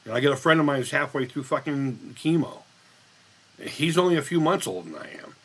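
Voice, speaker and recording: Fifties guy hosting a live chat, rambles and swears a lot, voice swings all over, bright tone. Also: fairly high pitch, sing-song, a little fast, breathy edge. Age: 50s. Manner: rambling, profane and blunt. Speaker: live-stream host reading chat. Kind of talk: casual live-stream chat.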